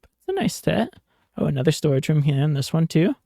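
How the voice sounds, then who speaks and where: A man talks through a game in a relaxed, musing way, pausing on fillers and chuckling now and then. His voice is gravelly and warm, and his pitch rises and falls freely. The recording is dry and close, with no room sound. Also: no room sound. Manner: relaxed, musing, frequent ums and small laughs. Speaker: gaming YouTuber. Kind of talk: casual let's-play commentary.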